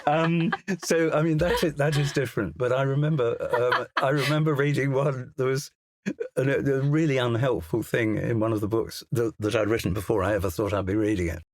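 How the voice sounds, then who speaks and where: A man's voice: mid-range voice, fairly even intonation, fairly quick. An older English man, a crime novelist, chatting as a studio guest with a hesitant, self-deprecating manner full of restarts and asides. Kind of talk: casual interview chat. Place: recording studio.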